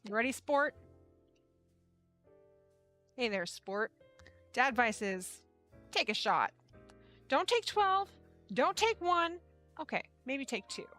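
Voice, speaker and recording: A woman's voice: high-pitched, animated, slow pace, pauses often, sharp tone, faint music behind, heavily acted. A woman doing a jokey dad voice. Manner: folksy, calls the listener sport. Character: jokey middle-aged dad giving advice.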